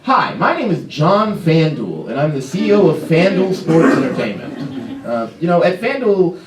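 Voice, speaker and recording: A man's voice: a little high, sing-song, normal speed. A man playing a slick middle-aged gambling company CEO, with a polished corporate spokesman delivery, heard from a distance in a roomy club over audience laughter. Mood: smooth.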